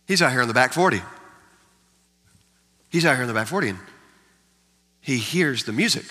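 A man's voice: medium pitch, animated, moderate pace, bright, forceful tone. A man preaching a sermon as pastor, emphatic, repeating key lines for effect. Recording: long hall reverb.

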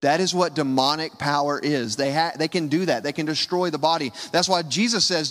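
Man preaching, slightly high voice, dynamic, hushed to loud, long church hall reverb. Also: fairly quick, hardly any pauses. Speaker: pastor. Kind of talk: sermon.

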